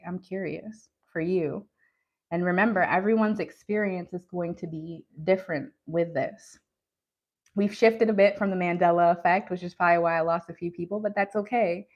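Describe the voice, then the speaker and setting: A woman's voice: lowish voice, fairly even intonation, normal speed, dull audio. A woman hosting a live tarot stream, talking casually and earnestly to her viewers about spiritual practices, with frequent ums and you-knows. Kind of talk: casual live-stream talk answering chat.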